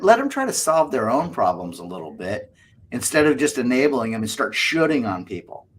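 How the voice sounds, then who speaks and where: A man with a slightly husky voice talks in a casual podcast chat. His pitch rises and falls a lot as he acts out small quoted exchanges. The delivery stays conversational and lively. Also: a little fast. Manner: animated, plays out little quoted exchanges. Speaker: co-host.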